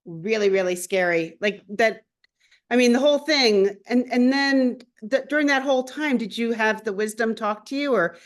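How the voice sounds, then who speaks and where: A woman's voice: a little high, normal speed. A woman hosting an interview, giving short reactions and asking follow-up questions. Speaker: host, interviewer. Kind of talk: casual interview.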